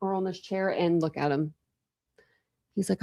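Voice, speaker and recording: This woman's voice is warm and on the low side, with fairly even intonation and a moderate pace, captured in a dry, studio-quality recording. A true crime YouTuber in her forties, she rambles casually on a live stream from her home, in a room with a couch and a cat, saying "like" again and again.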